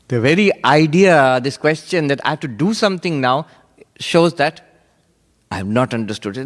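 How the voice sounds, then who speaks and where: A man, a monk, giving a sermon on Vedanta with animated storytelling and frequent laughter. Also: fairly high pitch, a little slow, pauses often, big-room sound.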